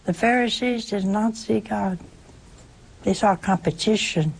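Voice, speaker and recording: A woman preaching a sermon in an animated way, with many rhetorical questions and little acted-out exchanges. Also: medium pitch, a little slow, gravelly, slightly rough.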